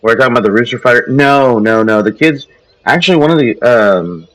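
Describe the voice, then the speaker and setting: A man's voice: medium pitch, fairly quick, fairly bright tone, poor audio. A man, a streamer who also teaches, chatting casually while he plays a strategy game, telling a story in a rambling way with many restarts.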